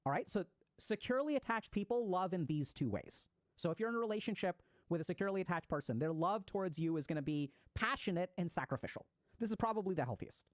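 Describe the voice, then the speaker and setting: Fast-talking man explaining psychology. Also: sits high, animated, dry recording. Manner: fast, conversational, acts out example voices. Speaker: psychiatrist giving a talk.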